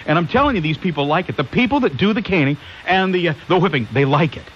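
Male talk radio host, fairly high voice, lively swings, rambling with rhetorical questions. Muffled, hissy broadcast sound. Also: quick pace. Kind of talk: conservative call-in talk radio.

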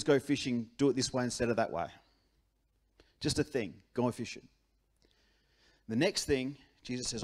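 A pastor with an Australian accent delivering a sermon in church, in a conversational, animated style that repeats key phrases. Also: male voice, medium pitch.

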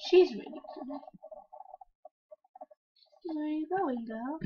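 A woman giving let's-play commentary on a home computer mic, chatty and breaking into sudden excited shouts. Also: sits high, slow pace, pauses often. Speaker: gamer playing a video game. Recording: dull lo-fi mic.

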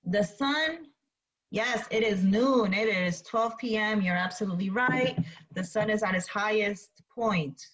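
A woman's voice: medium pitch, a little slow, fairly bright tone, highs cut off. A woman teacher leading an online class, explaining the scene and asking students to type answers.

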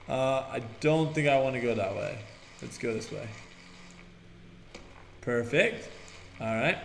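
A young man hosting a let's-play video, excitable and breaking into shouts while he plays. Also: mid-range voice, unhurried, gravelly, pauses often, echoey room. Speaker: gaming video host.

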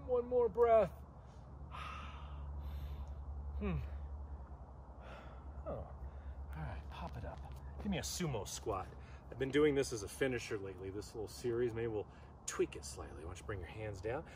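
A man's voice: medium pitch, sing-song, normal speed, long pauses, noisy background. A man from Southern California leading a guided yoga class outdoors, cueing poses and breaths with joking asides. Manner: joking asides between pose cues. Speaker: yoga instructor.

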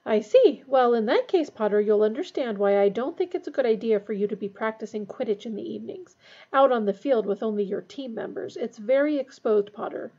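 A woman's voice: on the high side, expressive, fairly quick, dark tone, dull audio. A woman reading the part of a strict older female professor in a serious, clipped manner, in a storybook reading.

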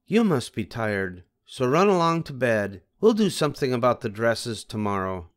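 An older man voicing a gentle mother of three girls, speaking calmly and softly instructive. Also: fairly high pitch, takes it slowly, voice pushed up, heavily acted. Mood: tender.

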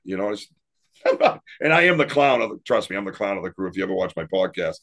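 A man with a lowish voice tells his paranormal stories in a loose, rambling way. He laughs often and restarts his sentences as he goes. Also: very animated, fast, fairly bright tone. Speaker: paranormal investigator and podcast guest. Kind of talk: casual interview storytelling.

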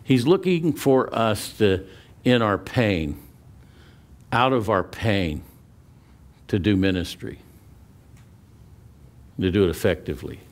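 A male pastor preaching a sermon in a lowish voice. He tells stories in a loose, conversational way, repeating words as he restarts sentences, and slows down to press a point. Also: expressive.

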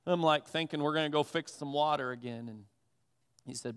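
A man preaching a sermon with a slightly raised pitch and a smooth, resonant voice. He talks in a conversational, animated way, often poking fun at himself. A long church reverb trails behind every phrase. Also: a little fast. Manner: conversational, animated, self-deprecating. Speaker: pastor. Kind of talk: sermon with personal storytelling. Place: church sanctuary.

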